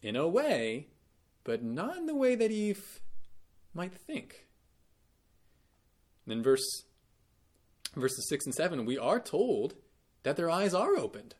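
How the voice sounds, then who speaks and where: A man's voice: fairly high pitch, wildly swooping pitch, slow, pauses often, darkish tone. A man teaching a Bible lesson in a careful, explanatory way, often correcting himself mid-sentence and giving quoted lines extra emphasis.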